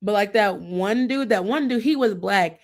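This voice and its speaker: A woman's voice: mid-range voice, normal speed. Chatty woman rambling through a TV recap. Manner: chatty, rambling, mimics people she talks about. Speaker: podcast host. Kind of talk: casual TV recap chat.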